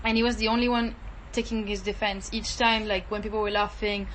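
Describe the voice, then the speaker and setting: A woman's voice: medium pitch, level tone, fairly quick, a bit bright, a little hiss or hum, low-quality recording. A woman researcher talking through her focus group notes in a thoughtful, casual way. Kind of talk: casual debrief chat.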